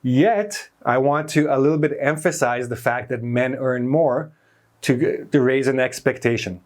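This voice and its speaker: A male teacher walks through grammar examples at a whiteboard, his voice sitting at an ordinary middle pitch. He stresses the words he is explaining and pauses to restate them, often restarting a phrase to correct himself.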